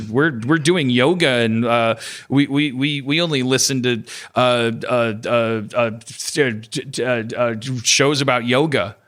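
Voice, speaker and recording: A man chatting on a comedy podcast, rambling and halting, with lots of restarts and fillers. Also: medium pitch, pushed and bright. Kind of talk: casual comedy podcast chat.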